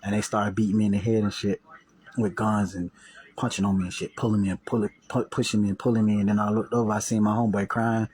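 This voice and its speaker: On a low-quality recording, a man with a voice on the low side talks fast in a level tone, casually telling viewers a personal story. He's slangy and profane, repeats and restarts himself, and loudly acts out the voices he quotes.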